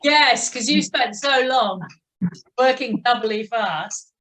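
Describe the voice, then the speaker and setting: A woman leading a cycling exercise class, encouraging riders and counting out a steady tick-tock rhythm. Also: fairly high pitch, slow. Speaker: cycling instructor.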